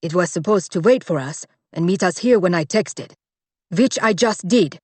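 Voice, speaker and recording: A woman's voice: mid-range voice, sing-song, a little fast, a little mellow, breathy edge, no echo. A woman voicing a fussy, formal male royal aide who speaks stiffly and properly. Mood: alarmed.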